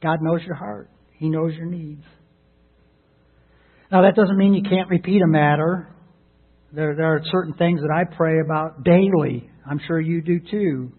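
A man's voice: fairly high pitch, steady tone, a little slow, husky. A man preaching a sermon as pastor, earnest and prone to repeating words as he starts a thought. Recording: tinny narrowband radio broadcast.

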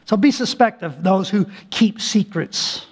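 A male pastor preaching a sermon, earnest and emphatic, stretching key words slowly and restarting phrases often. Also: high-pitched, expressive, breathy edge.

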